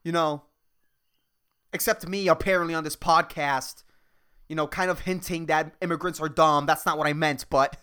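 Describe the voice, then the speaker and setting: A man's voice: a little high, steady tone, moderate pace, pushed and bright, smooth. A young adult man hosting a casual solo podcast, ranting with lots of swearing and laughing at himself. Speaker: podcast host and comedian.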